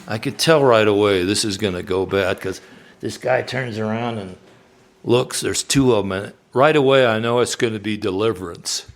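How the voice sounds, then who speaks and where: A man, a singer-songwriter, telling an animated story live on stage and acting out the people in it. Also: on the low side, moderate pace. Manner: animated storyteller, acts out quoted voices.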